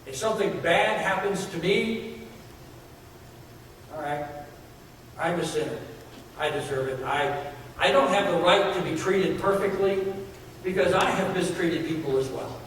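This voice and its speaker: A man's voice: high voice, measured pace, pauses often, a bit bright, a little hiss or hum. A man preaching a sermon in a church, earnest, building emphasis with repeated phrases. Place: church sanctuary. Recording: echoey hall from far off.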